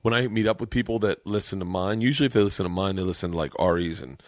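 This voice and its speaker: A man in his thirties hosts a podcast with a low voice and a dry, close sound. He rambles and swears, jumping into lively stories. It is casual chat among friends. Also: racing, no room sound. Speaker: podcast host. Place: home man cave.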